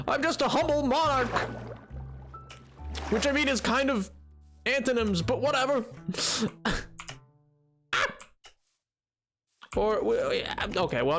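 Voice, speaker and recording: A man's voice: high-pitched, pushed and bright. A man streaming a game, chatting casually and playfully and joking with his viewers. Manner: playful, jokey, banters with chat. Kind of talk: casual gameplay commentary.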